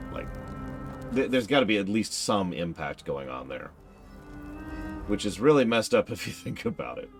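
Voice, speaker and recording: A man streaming a game, chatting and musing analytically as he plays. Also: sits low. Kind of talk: casual commentary while playing.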